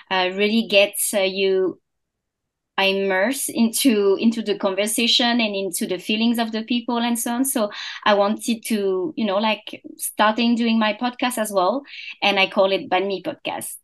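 Young French woman, guest in a casual interview; slow, halting delivery full of fillers. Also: medium pitch, steady tone. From France. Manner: hesitant, many fillers and restarts. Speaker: podcast founder, guest.

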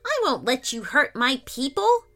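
A woman voicing a bold young girl who dreams of being a superhero, in a high, excited childlike voice. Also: measured pace, faint music behind, heavily acted. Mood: eager.

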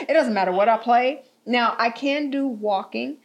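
A young woman in casual chat, animated and slangy, laughing often. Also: a little high, moderate pace.

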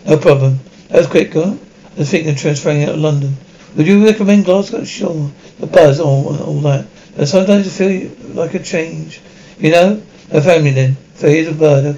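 A clipped police detective. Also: male voice, fairly high pitch, expressive, normal speed, creaky, warm tone, lo-fi sound. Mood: terse. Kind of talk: TV crime drama dialogue.

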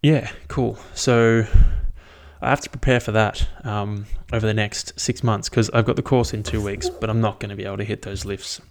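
A man's voice: lowish voice, fairly even intonation, moderate pace. A young man casually recapping his training, rambling and swearing freely in an upbeat way. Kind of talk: casual chat.

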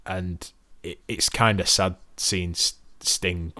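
A man with a low, deep voice talks in a dry, matter-of-fact way on a casual podcast. The sound is close and dead, with no room around it. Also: steady tone, takes it slowly, sharp tone, dry recording. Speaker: podcast co-host. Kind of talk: casual chat.

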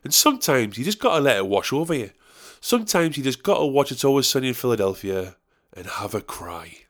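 A man in his thirties talks on his own in a loose, wandering monologue, chatty and quick to poke fun at himself. His pitch sits in an ordinary middle range. He swears casually as he goes. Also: big pitch swings, fairly bright tone. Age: 30s. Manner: rambling, chatty, self-mocking, swears. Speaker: comedian and musician.

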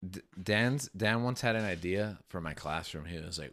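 A man's voice: deep voice, expressive, moderate pace, fairly bright tone. A man co-hosting a podcast in casual chat, telling stories and acting out quotes with frequent laughs. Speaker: podcast co-host.

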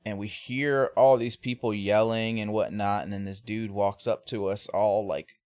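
A man's voice: on the low side, fairly even intonation, moderate pace, darkish tone, dry recording, studio quality. A man co-hosting a casual chat, telling rambling tour anecdotes with frequent laughs. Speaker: podcast co-host, band member.

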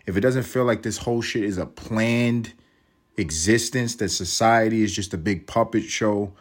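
A man's voice: on the low side, moderate pace. A man in his thirties from East Harlem with a New York accent, hosting a solo podcast in a profane, rambling way and laughing at his own jokes. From East Harlem, New York City. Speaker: podcast host.

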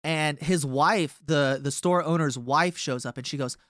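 A man's voice: on the high side, unhurried, a bit bright, no echo, studio quality. A young man from a touring band telling a long tour story in a casual, rambling way with many fillers.

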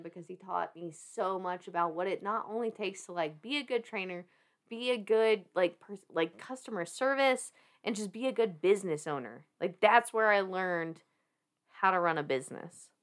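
A woman in her thirties with a Southern US accent, telling a story as a podcast guest in a casual, animated way, laughing often, swearing and restarting her sentences. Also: lowish voice, normal speed.

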